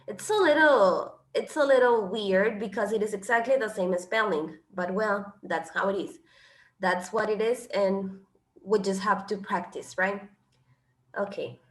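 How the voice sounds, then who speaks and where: A little slow and medium-pitched, she walks her class through English grammar with patience. Her first language is Spanish, and she moves between it and English, recorded in an echoey room.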